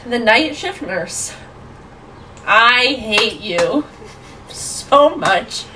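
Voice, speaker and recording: A woman in her twenties, a podcast guest, telling a story in a casual, animated way, full of "like". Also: on the high side, drawn-out words, distant mic, noisy background. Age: 20s. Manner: animated, lots of fillers like "like".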